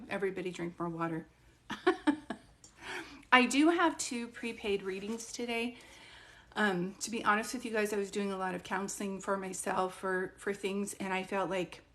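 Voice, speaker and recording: Rambly lady medium chatting to her live viewers, mid-pitched voice, talks straight to the chat. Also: a bit bright. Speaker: psychic medium hosting a live stream.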